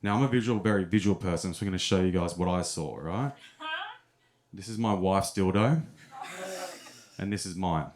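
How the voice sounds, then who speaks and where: A man's voice: low voice, moderate pace, long pauses, crowd noise. A young man telling stories in a stand-up set at a comedy club, often chuckling at his own punchlines.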